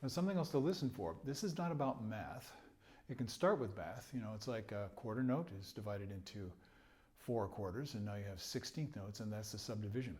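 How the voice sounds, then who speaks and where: A man's voice: on the low side, animated, brisk, a little mellow, soft background music. A man teaching trumpet, patiently explaining rhythm and phrasing, now and then chuckling and singing rhythms aloud. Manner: chuckles between points. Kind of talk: music lesson explanation.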